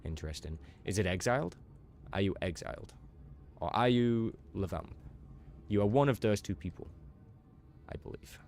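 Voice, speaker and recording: Deep-voiced playful male game streamer. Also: lively intonation, normal speed, gravelly, long pauses, a little mellow. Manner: playful, teasing, chatty. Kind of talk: casual live-stream commentary.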